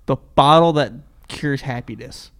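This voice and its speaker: Young texan dude joking around deadpan on a podcast. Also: male voice, mid-range voice, a little slow. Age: young adult. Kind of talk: casual chat.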